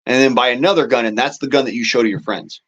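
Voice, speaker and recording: A man's voice: mid-range voice, steady tone, quick pace, dull audio. A man hosting a casual political monologue, talking in a rambling, profane way with folksy turns of phrase. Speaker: show host.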